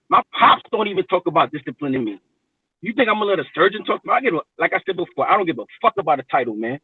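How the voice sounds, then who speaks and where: A man's voice: a little high, lively intonation, rapid-fire, slightly rough, no echo. A man telling a work story in a brash, profane, casual way as a podcast co-host. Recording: tinny dry phone-like line.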